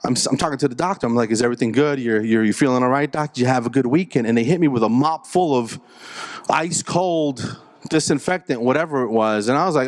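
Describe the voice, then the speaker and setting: A middle-aged man tells a comic story on stage in a stand-up style, with an animated delivery. He acts out both sides of the conversations as he goes, and his voice sits at an ordinary middle pitch. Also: fairly quick. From Puerto Rico heritage. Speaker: comedian and speaker at a dental event.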